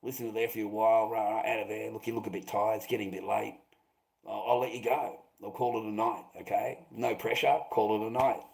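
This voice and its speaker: A man's voice: fairly low pitch, flat delivery, a little fast, creaky, darkish tone, rough recording. A middle-aged Australian man telling a rambling anecdote, swearing often and filling gaps with "rah, rah".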